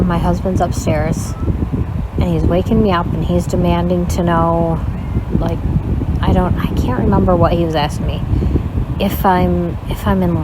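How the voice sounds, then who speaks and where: Rambling, candid woman with a lowish voice. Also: very noisy. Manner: candid, rambling, with many fillers and self-corrections. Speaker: channel host telling a personal story. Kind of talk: casual storytime while playing a game.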